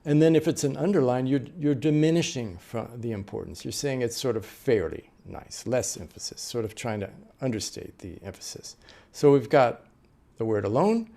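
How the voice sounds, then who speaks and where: A man's voice: mid-range voice, animated, moderate pace, creaky, mellow. A middle-aged man teaching a class as an interpreter trainer, explaining patiently with frequent fillers and restarts. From United States. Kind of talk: lecture on note-taking.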